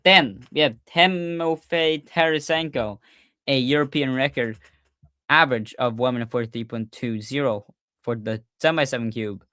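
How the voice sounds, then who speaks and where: A man hosting a casual livestreamed podcast, talking excitedly and often restarting his sentences with fillers. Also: medium pitch, moderate pace, clear, resonant tone, dry recording, studio quality. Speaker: podcast host.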